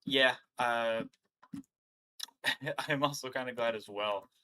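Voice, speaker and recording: Slow, halting young man learner. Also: medium pitch, pushed and bright, clear, resonant tone. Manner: muttering, halting repetition of words. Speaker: language learner. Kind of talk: casual self-recorded learning vlog.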